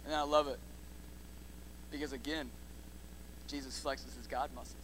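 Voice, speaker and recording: A man preaching a sermon in slangy, energetic style, building up to loud repeated lines and dropping low again. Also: normal speed, a little hiss or hum. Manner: builds to shouts in repeated phrases, then drops low. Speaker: pastor.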